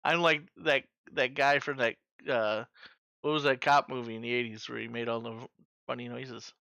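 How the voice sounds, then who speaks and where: A man's voice: medium pitch, fairly even intonation, normal speed, vocal fry, sharp tone, no room sound. A man in his forties hosting a trivia night in casual chat, joking, swearing freely and making sound-effect noises. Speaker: trivia host.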